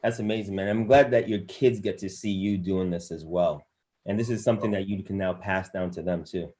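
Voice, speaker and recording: A man's voice: deep voice, fairly quick, darkish tone. Enthusiastic man hosting a motivational interview. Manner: enthusiastic, motivational, builds up long lists of phrases. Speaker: interview host, course coach.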